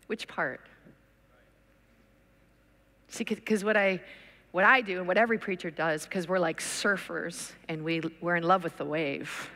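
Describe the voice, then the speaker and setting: A woman's voice: fairly low pitch, fairly even intonation, moderate pace, sharp tone. A woman preacher telling a story in a conference sermon, acting out the people she talks about. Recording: long reverb of a big hall.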